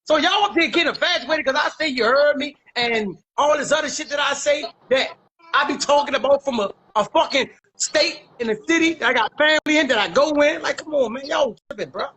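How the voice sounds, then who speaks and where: A man with a Washington, D.C. accent talking in a strikingly high voice. He speaks emphatically in a casual interview, circling back to repeat his points with lots of street slang. A faint hiss sits under the recording. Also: brisk, pushed and bright, low-quality recording. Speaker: guest.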